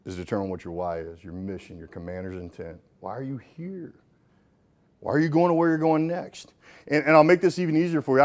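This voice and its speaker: This middle-aged motivational speaker, medium in pitch, addresses a live audience from the stage in a keynote speech. Folksy and full of jokes, he shifts back and forth between punchy lines and hushed ones.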